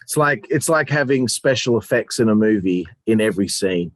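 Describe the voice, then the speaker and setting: A man's voice: lowish voice, expressive, moderate pace, no room sound. A man co-hosting a casual review chat, talking in a rambling, hesitant way and swearing casually. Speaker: podcast co-host.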